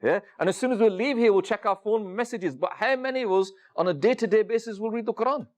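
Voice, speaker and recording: Man, high-pitched voice, sermon, storytelling, rhetorical questions, "you know" fillers. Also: quick pace, a little mellow. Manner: storytelling, addresses the audience directly with many rhetorical questions. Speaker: preacher. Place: room with a seated audience.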